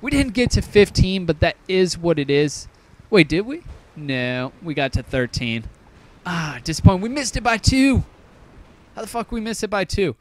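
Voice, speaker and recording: A man's voice: high-pitched, sing-song, normal speed. A young man talking casually over his own gameplay, rambling, swearing and running himself down. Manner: rambling, swears often, self-deprecating. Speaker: gaming YouTuber.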